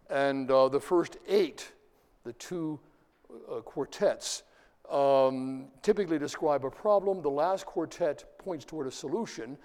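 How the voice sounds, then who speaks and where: Reading verse with rhythm and tapping out its beats, a middle-aged man quizzes his class during a lecture. His voice is on the high side with a darkish tone, and it sounds like a big room.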